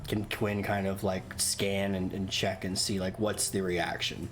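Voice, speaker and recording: A man's voice: low voice, little pitch movement, measured pace, slight background noise. A man playing a tabletop game, casual and swearing freely. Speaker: player.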